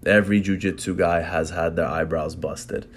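Blunt, profane jiu-jitsu man, lowish voice. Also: normal speed. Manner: blunt and profane, animated storytelling. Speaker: jiu-jitsu competitor giving tips. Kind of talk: casual storytelling and advice.

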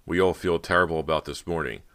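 A man voicing a stern but gentle male film director in an audiobook, speaking in a low, soothing, firm way. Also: steady tone, fast talker, clear, resonant tone.

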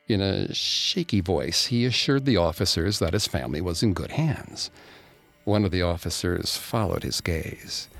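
Guy with a really low voice telling a dark true crime story, slow and somber, faint music behind. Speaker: narrator. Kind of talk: scripted true-crime narration.

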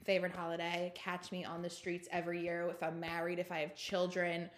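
A woman in her twenties co-hosting a podcast, chatting in a playful way, quick to laugh and to jump in. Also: on the low side, monotone. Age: 20s. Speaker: podcast co-host. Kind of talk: casual chat.

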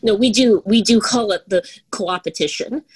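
A middle-aged woman answering interview questions in a measured, explanatory way, often saying "you know". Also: mid-range voice, slightly rough, low-quality recording. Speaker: guest, head of global research at a bank.

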